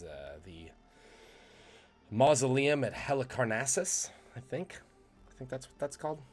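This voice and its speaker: A man hosting a live trivia stream, joking and reading out the chat's guesses. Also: fairly low pitch. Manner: jokey, punning, reads chat aloud. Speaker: trivia quiz host.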